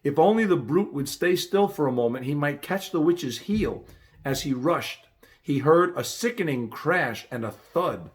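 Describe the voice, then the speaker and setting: A man narrates a storybook in a bright, expressive reading voice that sits a little high. His pitch rises and falls in lively swings as he carries the action. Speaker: audiobook reader. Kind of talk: audiobook narration.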